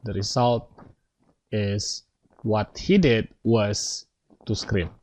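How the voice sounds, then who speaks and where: A man's voice: lowish voice, drawn-out words, a little mellow, poor audio. A man teaching an English grammar lesson, explaining step by step and checking in with his students.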